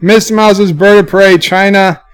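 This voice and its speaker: Male streamer, slightly high, smooth voice, reads chat up, answers low and offhand. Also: fairly even intonation, moderate pace. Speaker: livestream host reading chat. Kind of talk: casual livestream chat.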